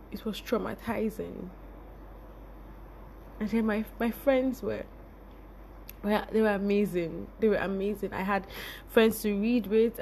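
A young woman hosting a podcast, telling a personal story in a lively, expressive way and laughing often. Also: mid-range voice, a little hiss or hum. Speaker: podcast host.

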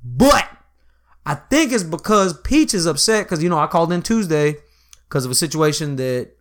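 A young man telling a long work story in casual chat, animated and profane, acting out the quoted lines and filling with "you know what I'm saying". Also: fairly high pitch, moderate pace.

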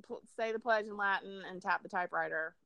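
A woman's voice: medium pitch, quick pace, gravelly, fairly bright tone. A woman co-hosting a casual chat, a teacher who talks in a chatty way and laughs often. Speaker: podcast co-host.

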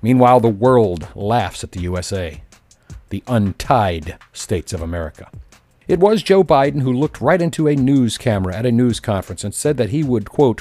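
A man's voice: mid-range voice, animated, moderate pace, darkish tone, faint music behind. Sarcastic man reeling off angry lists. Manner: sarcastic, cutting; long punchy lists of insults and grievances. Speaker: political commentator. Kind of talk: scripted political monologue.

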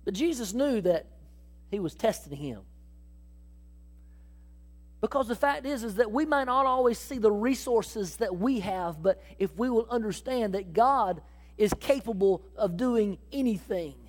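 A woman preaching a sermon, acting out Bible dialogue and calling out to the congregation in an animated way. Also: medium pitch, measured pace. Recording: long hall reverb.

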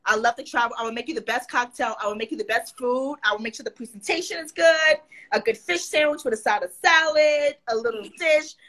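Woman, bright tone, fairly high voice, animated storytelling, casual interview guest. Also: low-quality recording. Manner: animated, quotes others in put-on voices.

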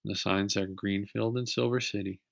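A fairly low-pitched man reads a children's chapter book aloud at an even, patient pace. He sounds like a reader sharing a story with young listeners, stopping now and then to ask them questions. The recording is plain and close. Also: normal speed, vocal fry, dry recording.

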